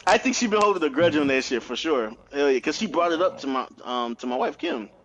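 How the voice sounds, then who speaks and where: A man in his thirties on a podcast, telling family stories in an animated, profane way with lots of laughs. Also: a little high, fast talker, highs cut off. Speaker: podcast co-host. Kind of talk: casual chat.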